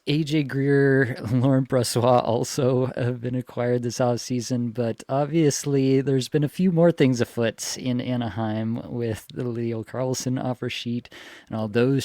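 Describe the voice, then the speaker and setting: A man's voice: mid-range voice, warm tone, no room sound, clean studio sound. A man hosting a fantasy hockey podcast, upbeat and laughing easily in casual chat. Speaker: podcast host.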